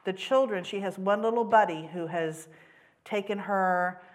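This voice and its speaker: A woman's voice: mid-range voice, a little slow. Woman telling stories at church, earnest, lots of ums and restarts, plain mid voice. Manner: earnest storytelling with many ums and self-corrections. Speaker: church mission supporter. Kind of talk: personal testimony in a church service.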